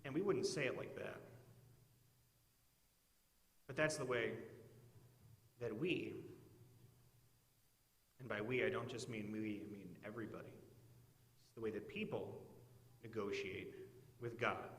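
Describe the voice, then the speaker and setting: Bright-voiced pastor preaching in an echoey church. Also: male voice, lowish voice. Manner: earnest, measured preaching. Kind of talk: sermon.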